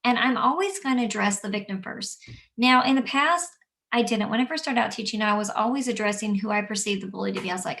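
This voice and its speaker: A woman who teaches young children, explaining calmly and gently and acting out what she says to kids. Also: medium pitch, fast, gravelly, distant mic. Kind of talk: instructional talk. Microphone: camera mic at a distance.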